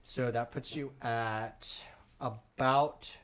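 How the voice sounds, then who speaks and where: A man's voice: medium pitch, fairly even intonation, extremely slow, fairly bright tone. Man narrating a tabletop game. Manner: hesitant, full of ums and likes. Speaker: game master.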